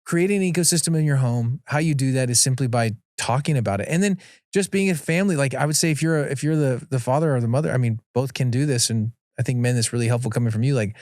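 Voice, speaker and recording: A man's voice: medium pitch, fast, a little mellow, no echo. Earnest man on a podcast, dry close sound. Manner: earnest, acts out his own quoted lines. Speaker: podcast guest, father of four. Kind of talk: casual conversational advice.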